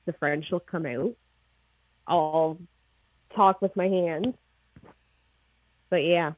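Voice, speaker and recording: A chatty, excitable woman with a Maritime Canadian accent talks as a guest over a video call. Her voice comes through a tinny, phone-like line with a narrow band. The sound is dry, with no room around it. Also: on the low side, slow, no echo. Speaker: guest, snake breeder. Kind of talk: casual livestream interview.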